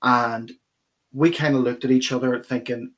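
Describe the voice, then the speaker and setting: A pastor, speaking at a mid-range pitch. He recounts a personal story in earnest, vivid detail as a guest on an interview show. His delivery is that of a middle-aged man talking plainly and sincerely. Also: steady tone, normal speed.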